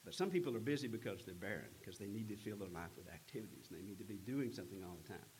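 A man preaching a sermon, retelling a scripture story in an earnest, unhurried way with frequent pauses. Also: fairly low pitch, animated, a little mellow, a little hiss or hum, low-quality recording. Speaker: pastor.

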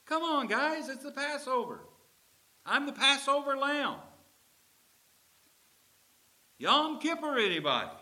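A man's voice: extremely high pitch, sing-song, moderate pace, sharp tone, pitched above the performer's own voice, exaggerated voice. A man voicing Jesus as an earnest, emphatic teacher who coaxes and urges his followers. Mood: urging. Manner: urgent, emphatic, coaxing.

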